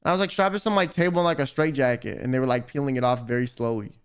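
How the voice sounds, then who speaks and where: A man's voice: medium pitch, steady tone, racing, smooth. A young man streaming, reading viewer confessions aloud and reacting with profane, exasperated commentary. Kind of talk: casual livestream commentary.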